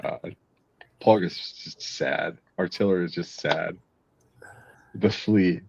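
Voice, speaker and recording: A man's voice: deep voice, takes it slowly, vocal fry, a little mellow, husky. A man, a Marine veteran, joking crudely in casual chat. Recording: dry, dull lo-fi sound.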